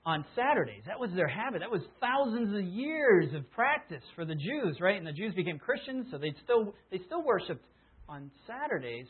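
Husky pastor preaching conversationally. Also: male voice, high voice. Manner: conversational, retells a commercial with acted-out bits. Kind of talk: Easter sermon. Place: church. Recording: phone-like lo-fi sound.

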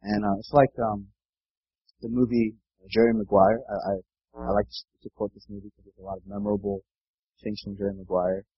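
Man, preacher, sermon, husky, earnest, dull dry lo-fi recording. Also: fairly low pitch, little pitch movement, fairly quick, dry recording. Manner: earnest, repeats words, asks "right?".

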